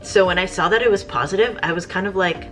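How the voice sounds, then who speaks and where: Low-voiced woman vlogger chatting casually. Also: fast talker, a bit bright. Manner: chatty, rambling with fillers. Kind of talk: casual chat.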